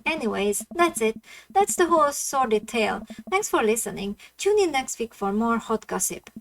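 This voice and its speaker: A woman's voice: a little high, big pitch swings, moderate pace, vocal fry, fairly bright tone, heavily acted. Woman reading a hurt teenage girl. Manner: plain read-aloud game dialogue. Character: hurt, upset teenage girl betrayed by friends.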